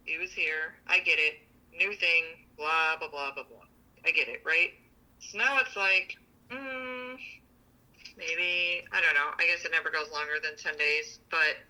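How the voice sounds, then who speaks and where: A woman's voice: lowish voice, sharp tone, poor audio. A woman co-hosting a relationship podcast, venting bluntly about a partner in casual, profane chat. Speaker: podcast co-host.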